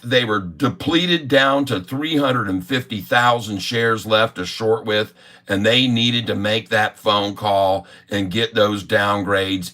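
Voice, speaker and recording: A man's voice: fairly low pitch, pushed and bright. A middle-aged man ranting indignantly in a livestream of stock commentary. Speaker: stock market streamer.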